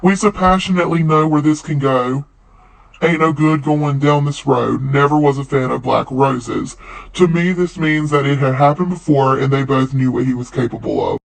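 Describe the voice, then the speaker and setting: Guy narrating commentary, bit gravelly, kinda high voice, calm and analytical. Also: normal speed, poor audio. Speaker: commentary channel host.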